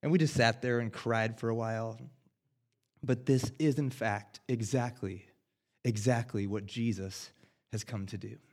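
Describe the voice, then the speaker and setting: An American man in his thirties preaching a sermon, earnest and self-deprecating, swinging between loud and hushed. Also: mid-range voice, fairly even intonation, measured pace. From United States. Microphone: headset.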